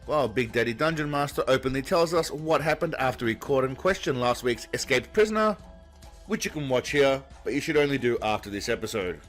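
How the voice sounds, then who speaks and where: Male comic narrator, mid-pitched, deadpan sarcasm, light music bed. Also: fairly quick. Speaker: comedy narrator. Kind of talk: mocking commentary voice-over.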